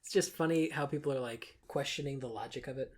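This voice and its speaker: A woman's voice: extremely low pitch, fast, a little mellow, breathy edge. A young woman co-hosting a podcast in casual chat, talking with lots of fillers and laughing often. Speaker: podcast co-host.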